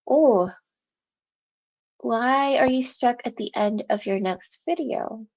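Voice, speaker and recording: A woman hosting an at-home writing livestream speaks slowly in a medium-pitched, darkish voice, pausing often. She's congested, winded, and has a sore throat, yet keeps up a rambling, laugh-filled chat with her viewers.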